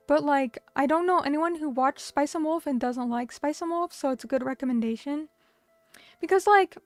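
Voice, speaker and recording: With a high, bubbly voice, a young woman chats casually with her stream viewers, reacting to comments and using plenty of fillers. The recording is dry and close, with soft music beneath.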